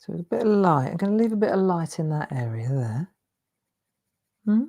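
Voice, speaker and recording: Chatty woman with a low voice. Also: very animated, moderate pace, mellow. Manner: chatty and self-deprecating, talking while she colours. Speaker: craft demonstrator hosting a live stream. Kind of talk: chatty live drawing tutorial.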